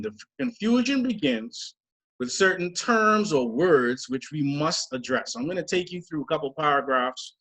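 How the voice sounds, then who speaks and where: A middle-aged man leading a scriptural study, deliberate and emphatic, spelling out word origins. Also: medium pitch, a bit bright. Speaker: church teacher.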